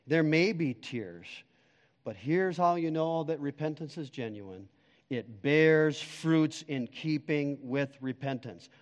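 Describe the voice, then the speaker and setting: Emphatic preacher in a reverberant hall. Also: male voice, fairly high pitch. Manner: emphatic preaching, swinging between loud and hushed. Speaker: pastor. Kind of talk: sermon.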